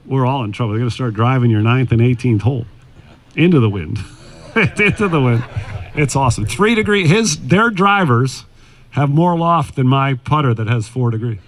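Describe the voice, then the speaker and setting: Casting: man, ex-tour golfer, casual anecdotal storyteller, mid-pitched voice, outdoors at a club. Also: lively intonation, normal speed. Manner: anecdotal, acts out quoted dialogue. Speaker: former tour golfer giving putting advice.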